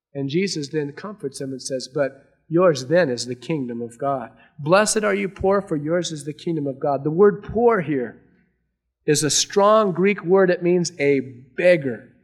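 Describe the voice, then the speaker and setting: A man preaching a sermon to a congregation, earnest, swinging between raised emphasis and hushed, quiet lines. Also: fairly high pitch. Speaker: pastor.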